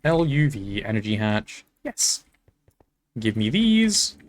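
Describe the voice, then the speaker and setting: A man chatting casually while playing on a game stream, talking to his chat and thinking out loud. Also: lowish voice, sing-song, slow.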